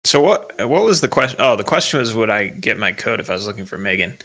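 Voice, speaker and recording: A man co-hosting a comedy podcast, answering with wry, deadpan comebacks. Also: lowish voice, fast talker, low-quality recording. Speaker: podcast co-host. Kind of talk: comedic recap chat.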